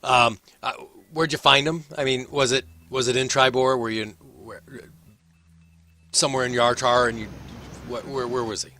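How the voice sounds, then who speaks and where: A man's voice: mid-range voice, steady tone, normal speed, pushed and bright, a little hiss or hum, voice pushed up, natural voice. A man voicing a haughty, stern old noblewoman in her sixties who talks to others in an imperious, scolding way. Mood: exasperated.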